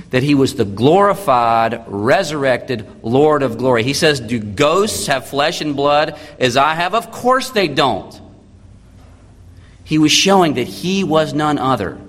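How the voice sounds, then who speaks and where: A man in his thirties preaching a sermon as a pastor, swinging between loud emphatic lines and quiet intimate ones. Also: on the high side, in a large hall.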